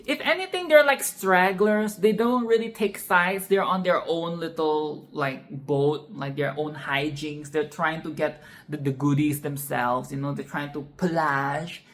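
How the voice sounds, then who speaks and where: A woman's voice: low voice, measured pace, few pauses. A woman casually discussing a film she loves, emphatic and profane, repeating her points with "okay?". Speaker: film reviewer.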